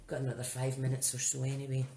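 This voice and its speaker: Woman, low voice, chatty craft demo, talks to herself as she works, faint background hiss. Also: monotone, fast, warm tone. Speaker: craft demonstrator. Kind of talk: casual live-streamed craft demo.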